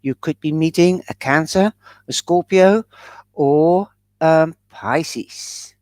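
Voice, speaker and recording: A low-voiced woman with a darkish tone reads tarot at a slow pace on a live stream, with no echo in the recording. Chatty throughout, she keeps calling her viewers by pet names.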